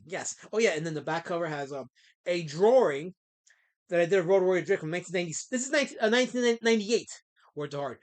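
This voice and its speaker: Bright-voiced rambling middle-aged man. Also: sits high. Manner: rambling with many fillers, snaps back at chat. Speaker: comic creator and streamer. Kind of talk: casual live-stream chat.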